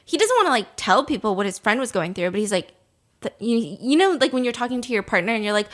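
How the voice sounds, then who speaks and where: Animated, high-voiced woman telling a story. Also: fast. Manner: animated, laughs often, acts out quotes. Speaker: podcast host. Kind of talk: casual storytelling chat.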